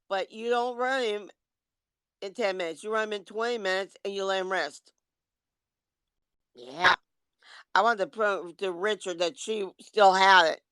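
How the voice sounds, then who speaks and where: A woman talks to her livestream viewers in a blunt, lecturing tone and swears casually. Her voice is smooth and clear at a middle pitch. The sound is dry and close, with no room echo. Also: sharp tone. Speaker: livestream host. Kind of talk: livestream rant.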